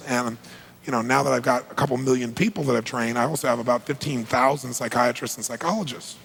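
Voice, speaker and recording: A man's voice: mid-range voice, quick pace, gravelly, fairly bright tone, slight background noise, low-quality recording. A man giving a motivational talk, telling a story with emphatic, punchy delivery and acting out conversations. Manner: emphatic, punchy, acts out quoted exchanges. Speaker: motivational speaker.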